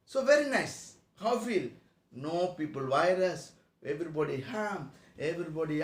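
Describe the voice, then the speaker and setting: A spiritual teacher in a meeting room gives a discourse to a class in broken English, frequently putting questions to his listeners. His voice is fairly high and animated, at a moderate pace, with a roomy sound.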